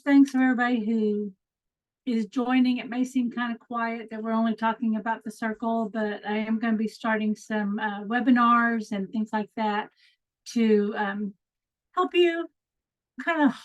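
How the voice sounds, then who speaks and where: A middle-aged woman from Texas with a Texan accent, hosting an upbeat, chatty online coaching call with easy fillers. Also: fairly high pitch. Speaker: host. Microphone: video call. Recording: lo-fi video call audio.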